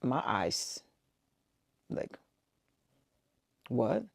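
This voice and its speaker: A woman's voice: extremely low pitch, very animated, extremely slow, vocal fry, husky, no room sound, clean studio sound. A woman in her forties telling an earnest, emotional personal story to camera, with quoted dialogue. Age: 40s. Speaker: vlogger.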